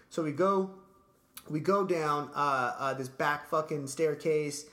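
A man's voice: a little high, normal speed, a bit bright. A man casually telling a long story in a podcast chat, laid-back and profane, dropping "dude" and "like" constantly.

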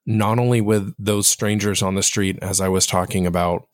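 A casual solo podcast, hosted by a man whose low voice barely varies in pitch. He talks straight to his audience at a moderate pace, reflective and self-deprecating. Close, dry audio with no echo or room sound.

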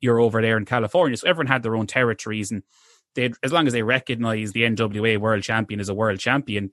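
A man's voice: on the low side, a bit bright, dry recording, clean studio sound. A man co-hosting a podcast, telling a history story in a rambling, casual way, with lots of fillers and restarts.

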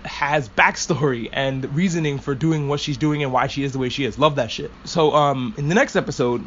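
A man's voice: mid-range voice, expressive, brisk, hardly any pauses, fairly bright tone, muffled recording, slight background noise. A man hosting a casual anime discussion podcast, rambling and swearing freely as an enthusiastic fan. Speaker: podcast host.

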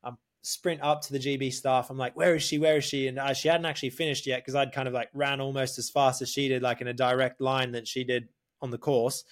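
A man telling a story in casual podcast chat, animated, swearing often and calling the listener mate. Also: medium pitch, a little fast. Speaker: podcast guest.

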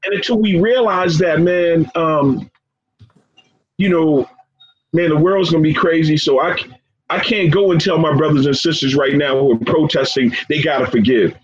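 Impassioned man, slightly high, lo-fi sound. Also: moderate pace. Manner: earnest and impassioned, repeats phrases and says "man" often. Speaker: guest, professor and founder of a forgiveness organization. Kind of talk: emotional interview conversation. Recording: dull lo-fi sound with faint background noise.

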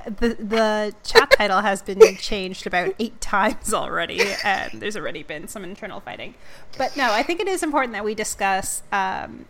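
A woman's voice: medium pitch, fairly bright tone, a little hiss or hum. A woman from Canada hosting a casual podcast, chatty and joking and laughing often. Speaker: podcast host.

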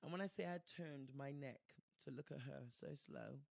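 A man's voice: mid-range voice, normal speed, vocal fry, dry recording, clean studio sound. A man telling a story in casual chat, acting out the people he quotes. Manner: animated, acts out quoted voices, slangy.

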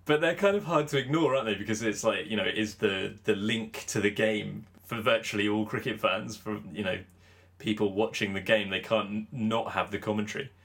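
A man's voice: lowish voice, a little fast, a bit bright. A man hosting a cricket podcast, chatting casually and teasing his co-host with a joking manner. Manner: joking, teasing, mimics commentators. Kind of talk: casual chat.

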